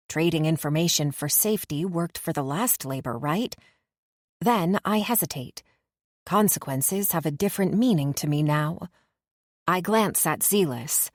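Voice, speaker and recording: Audiobook narrator: woman, lower register, measured first-person reading, dry booth. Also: lively intonation, no echo.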